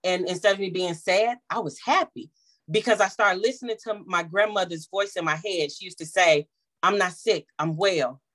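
A woman's voice: medium pitch, fairly quick. A woman in her thirties telling a personal family story, bringing the voices of her relatives to life. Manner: animated, acts out the voices of family members. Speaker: small business owner.

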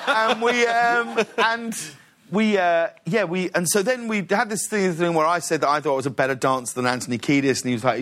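A man telling a story as a talk show guest, animated, laughing and acting out quotes. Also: sits high, a little fast. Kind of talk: casual anecdote telling.

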